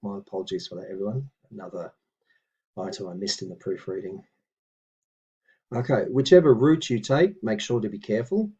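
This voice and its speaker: Male language tutor, calm and reassuring, low-pitched with a soft husky edge. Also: muffled recording. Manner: patient, reassuring, reads phrases slowly and deliberately. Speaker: language teacher. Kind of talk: relaxed spoken lesson.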